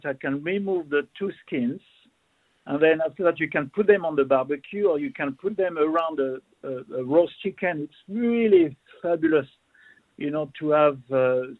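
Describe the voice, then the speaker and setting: A man's voice: on the high side, dry recording. A man, a chef guest describing food with relish in casual radio chat. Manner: warm enthusiastic food talk, restarts. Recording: tinny phone line.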